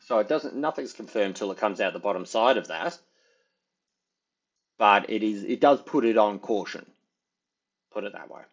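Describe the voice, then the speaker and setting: A man's voice: on the low side, lively intonation, moderate pace, pauses often, highs cut off. A man giving casual, rambling market commentary, thinking aloud with many fillers as he talks through charts. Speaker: market analyst.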